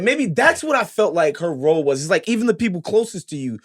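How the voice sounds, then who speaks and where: A man's voice: high-pitched, big pitch swings, fast talker, no room sound, clean studio sound. A man co-hosting a casual movie podcast, laid-back and thinking aloud. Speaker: podcast co-host.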